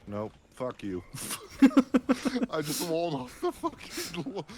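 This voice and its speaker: A man's voice: on the high side, wildly swooping pitch, slow pace, a little hiss or hum. A young man chatting casually while playing a video game, swearing often and telling a story with lots of laughter. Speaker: gameplay streamer. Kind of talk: casual chat while gaming.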